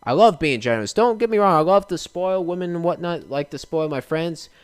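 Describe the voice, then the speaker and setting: A man's voice: on the high side, lively intonation, fairly quick, smooth, dry recording, studio quality. A young man hosting a podcast, ranting casually and with exasperation. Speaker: podcast host.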